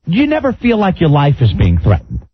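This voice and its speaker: Brief: man, radio host, slow and lively storyteller, somewhat high voice. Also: husky, dry recording. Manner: animated, breaks into laughter, acts out the people in his story. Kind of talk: casual storytelling on talk radio. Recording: lo-fi radio broadcast.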